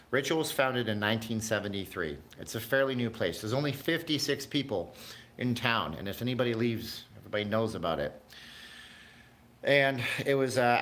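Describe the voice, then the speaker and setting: A man's voice: lowish voice, fairly bright tone, slight background noise. A man hosting a casual livestream, chatting in a rambling way, jumping between tangents and talking to his live chat viewers. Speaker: livestream host.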